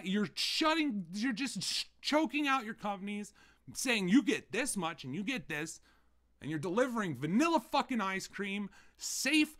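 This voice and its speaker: A man's voice: very high voice, fairly bright tone. A young man hosting a gaming channel, delivering a heated, profanity-laden rant with lots of repetition. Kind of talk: angry rant to camera.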